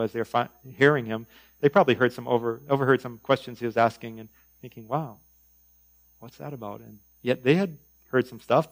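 A man's voice: medium pitch, rough recording. A male preacher teaching a conversational sermon, with frequent fillers and informal asides.

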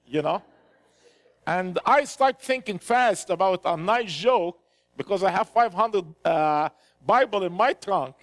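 A man from Egypt with an Egyptian accent, giving a storytelling church testimony with frequent "you know" fillers. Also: sits high. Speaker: ministry speaker.

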